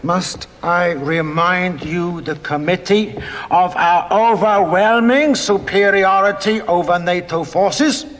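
A hawkish male Soviet general who addresses a committee with slow, contemptuous pomp. His voice sits a little high and rings out with a long reverb. Faint room ambience from the film soundtrack sits behind him. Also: a bit bright. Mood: scornful, commanding. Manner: slow, pompous, contemptuous oratory. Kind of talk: film drama dialogue.

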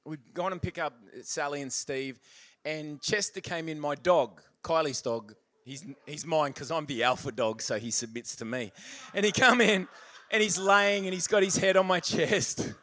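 A man preaching a sermon in a church, telling stories in an animated way and laughing often. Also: fairly high pitch, normal speed. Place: church service.

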